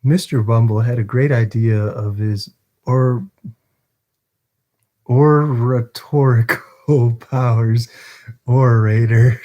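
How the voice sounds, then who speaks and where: A man's voice: medium pitch, warm tone, highs cut off. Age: adult. Style: chatty man streaming a book reading. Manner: laughs often, chatty, stumbles over words. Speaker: livestream host reading a novel aloud. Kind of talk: casual live-stream chat and book reading.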